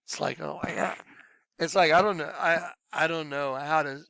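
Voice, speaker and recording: A man talking excitedly to his viewers, laughing often and trailing off mid-sentence. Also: fairly high pitch, unhurried, creaky. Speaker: video blogger. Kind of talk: rambling monologue to viewers.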